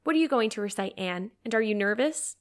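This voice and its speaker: A woman reading aloud, voicing a gentle, admiring teenage girl friend. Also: mid-range voice, lively intonation, fairly quick, natural voice. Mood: fond.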